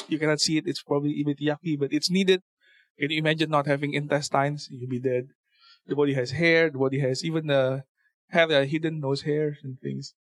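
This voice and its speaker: A man with a fairly high voice gives a relaxed talk at a church service. He reads scripture and explains it in a loose, conversational way, often stopping on fillers and restarting phrases. The sound is dry and close. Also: no echo. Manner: conversational, with many fillers and repeated words. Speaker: church speaker.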